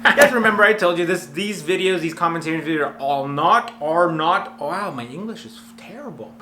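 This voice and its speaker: A man hosting comedic commentary on fail videos from a warehouse, talking in an energetic, jokey, self-mocking way. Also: on the high side, a little fast, few pauses. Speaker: host of a fail commentary channel. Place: warehouse full of clothes. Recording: echoey warehouse with a faint hum.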